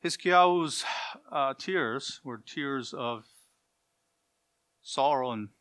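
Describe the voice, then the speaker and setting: A man preaching a sermon in an earnest, pleading way, asking his listeners direct questions and shifting between loud emphasis and quiet passages. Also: medium pitch, extremely slow, clear, resonant tone.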